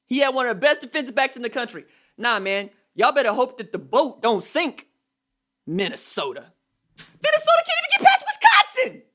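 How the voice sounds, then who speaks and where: Male podcast host, animated solo rant, bright forceful tone, emphatic slang. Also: extremely high pitch. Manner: animated, emphatic trash talk in casual slang.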